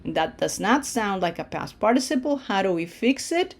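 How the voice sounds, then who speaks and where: A woman's voice: medium pitch, sing-song, normal speed. A woman teaching Spanish verb forms in English, explaining patiently step by step and checking in with "okay?". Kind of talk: online language lesson.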